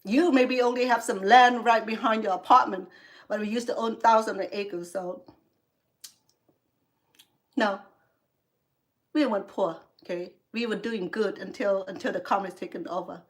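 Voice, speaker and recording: A woman from Cambodia, an English learner, hosting a cooking livestream and angrily scolding a rude viewer with heated sarcasm. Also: mid-range voice. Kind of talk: angry livestream rant at a viewer.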